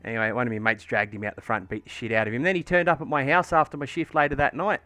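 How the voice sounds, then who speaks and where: Bright, sweary Australian bloke. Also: male voice, medium pitch, fairly even intonation, very fast, dry recording. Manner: rambling, sweary storytelling with lots of fillers. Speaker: livestreamer painting miniatures. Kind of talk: casual chat while painting on stream.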